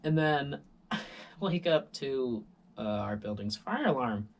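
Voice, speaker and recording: Rambling, animated man vlogger. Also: medium pitch, takes it slowly, vocal fry. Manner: rambling, animated, full of voices and sound effects. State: tired. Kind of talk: casual storytelling monologue.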